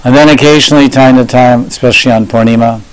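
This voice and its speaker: A monk giving a devotional sermon, telling stories in a measured way and slowing down to stress key words. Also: male voice, medium pitch, fairly even intonation, no echo, poor audio. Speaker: monk lecturer.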